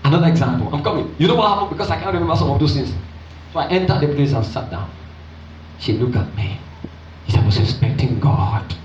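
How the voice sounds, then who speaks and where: Animated pastor, in a roomy hall. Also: male voice, fast talker, pauses often, a little hiss or hum. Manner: animated storyteller acting out voices, jumping high for excited women. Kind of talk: storytelling sermon. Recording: roomy, distant and dull.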